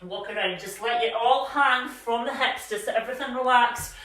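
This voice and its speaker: A woman's voice: a little high, normal speed, fairly bright tone. A woman fitness instructor leading a live workout class at home, chatty and encouraging, a little out of breath as she exercises along. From Scotland. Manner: encouraging, chatty, cues movements with frequent "yeah?". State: slightly out of breath while exercising. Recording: very echoey room, voice from a distance.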